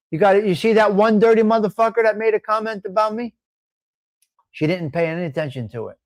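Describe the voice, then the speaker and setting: Blunt, profane North Jersey stream host, high-pitched, dry close sound. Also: male voice, no echo. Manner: blunt and profane, reading out viewer names. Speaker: host of a live stream show. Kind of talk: casual live-stream chat.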